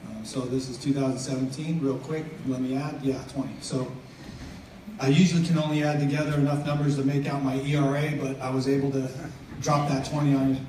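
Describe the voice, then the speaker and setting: As a guest speaker at a church, a middle-aged man gives a relaxed, joking sermon, chatting and cutting himself off as he goes. His medium-pitched voice is warm but flat, delivered briskly, heard from far across an echoey hall with faint noise.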